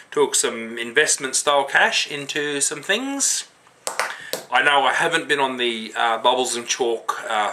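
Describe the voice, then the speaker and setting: A bright, forceful Australian man rants to camera in a loose, slangy way. He swears freely and rambles from one thought to the next. He sounds a little tipsy. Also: medium pitch, a little hiss or hum. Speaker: homebrewing vlogger. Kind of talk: casual rant to camera.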